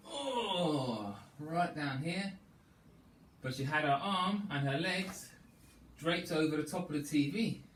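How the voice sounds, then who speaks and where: A man leading a children's storytelling yoga class, playful and animated, coaxing the children through each pose. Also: fairly high pitch, slow pace, slight background noise. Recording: echoey room, distant mic, faint ambience.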